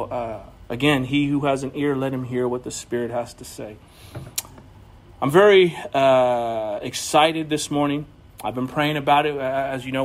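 A man preaching a sermon in church, telling stories conversationally, often repeating words and rising to emphatic peaks. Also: mid-range voice. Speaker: pastor.

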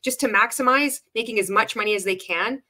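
A woman's voice: fairly high pitch, a little fast, pushed and bright. Blunt, sarcastic woman. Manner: sarcastic, blunt, swears often, laughs between remarks. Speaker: commentator reacting to a sales pitch. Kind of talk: casual commentary.

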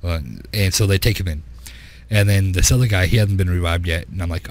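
A man's voice: low-pitched, normal speed, darkish tone. A man hosting a podcast, casually telling a rambling story and laughing often as he goes. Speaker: podcast host.

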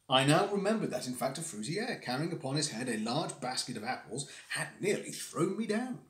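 A man streaming live, reading a classic story aloud with expressive delivery and the odd stumble over hard words. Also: fairly high pitch, brisk, few pauses. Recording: roomy echo.

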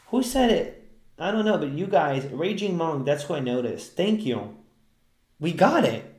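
A man live-streaming scratch-off tickets, talking excitedly to his chat and yelling at big wins. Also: fairly high pitch, unhurried, long pauses. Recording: echoey room.

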